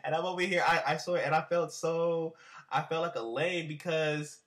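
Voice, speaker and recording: This young man's voice is fairly high and a bit bright, with fairly even intonation and a moderate pace. Interviewed on webcam, he tells a loose, slangy story, rambling and restarting with plenty of fillers.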